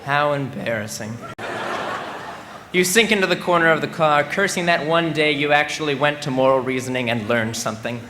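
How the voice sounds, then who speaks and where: Young man delivering a bright comic speech. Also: on the high side. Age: 20s. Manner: mock-serious comic delivery, playing to a laughing crowd. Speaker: graduating student speaker. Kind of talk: humorous ceremonial speech. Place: large ceremony venue. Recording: reverberant venue with faint background noise.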